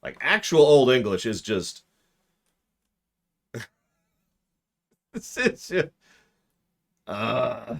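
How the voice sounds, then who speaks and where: A man's voice: mid-range voice, big pitch swings, very slow, creaky, long pauses. A man streaming a video game in casual commentary, rambling, breaking off mid-sentence and answering chat.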